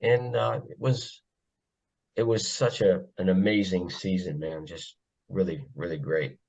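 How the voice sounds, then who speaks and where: A podcast guest from the northeastern US, a former pit crew member, tells casual stories, joking and laughing often and calling himself a funny guy. His voice is low, gravelly, and a little mellow, with a steady tone and measured pace, on slightly dull lo-fi audio.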